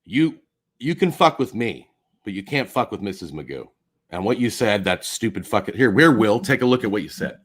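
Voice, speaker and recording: An angry man on a livestream, swearing and swinging between low mutters and shouts. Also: sing-song, moderate pace. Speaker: streamer. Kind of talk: heated livestream rant.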